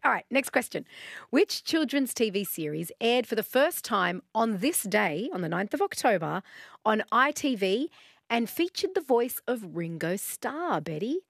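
Australian woman radio host, chatty and bubbly, with gravelly fry and a dry studio sound. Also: on the high side, sing-song, measured pace, dry recording. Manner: bubbly, chatty, laughs often. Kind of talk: casual talkback radio chat.

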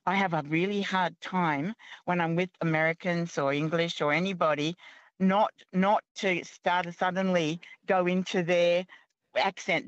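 A woman calling in to a radio show, chatting in a halting way with frequent restarts. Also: on the low side, dry recording. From Australia. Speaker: caller. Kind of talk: phone-in chat. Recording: dull phone line.

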